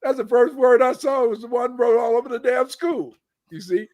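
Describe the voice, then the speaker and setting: Older guy, high-pitched, rambly, keeps restarting, swears a bit. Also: brisk, a little mellow, no echo. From United States. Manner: rambling, repeats words, cusses. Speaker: guest scholar. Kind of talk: casual live-stream talk.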